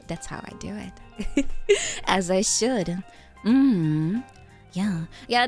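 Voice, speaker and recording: A woman chats casually on her stream from her apartment in Japan, laughing often and poking fun at herself. Her voice sits at a mid pitch, with soft music faintly behind her. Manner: chatty, laughs often, self-mocking.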